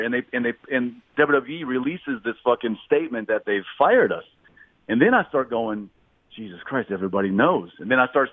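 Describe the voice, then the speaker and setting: A man's voice: mid-range voice, dry recording. Candid, cursing man on a phone line. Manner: candid, profane. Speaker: podcast guest, wrestler. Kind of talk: casual candid talk. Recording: tinny phone-like line, dry.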